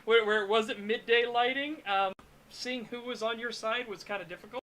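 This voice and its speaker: A man on a casual streamed podcast, retelling history and film trivia in an animated way and swearing freely. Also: very high voice, normal speed, poor audio. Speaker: streamer co-host.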